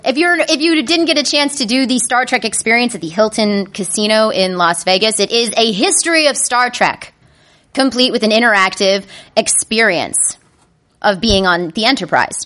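A woman telling a comedic personal story to a live audience, animated and self-mocking. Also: a little high, normal speed. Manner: animated, self-mocking, breaks into panicked inner voices.

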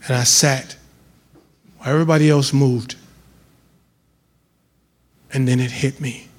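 A man telling a comic personal story live on stage, building to loud excited outbursts. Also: medium pitch, slightly rough. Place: live venue with audience.

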